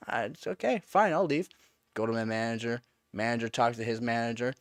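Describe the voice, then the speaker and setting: A man's voice: medium pitch, normal speed, fairly bright tone, smooth, dry recording, studio quality. A man chatting casually on a live stream, telling rambling stories with lots of fillers and laughter. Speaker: live streamer answering chat.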